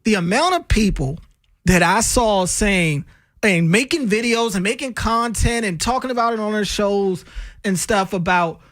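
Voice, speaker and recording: A man's voice: high voice, animated, moderate pace, fairly bright tone, dry recording, clean studio sound. A man co-hosting a sports talk radio show, talking casually and getting fired up over his opinions. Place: radio studio. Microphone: studio microphone.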